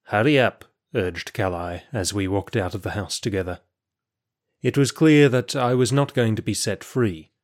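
A man giving steady, measured first-person narration of a story. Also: fairly low pitch.

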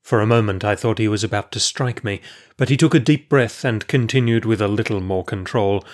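Low-voiced man narrating a story. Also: fairly quick. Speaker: audiobook narrator. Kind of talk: scripted first-person story narration.

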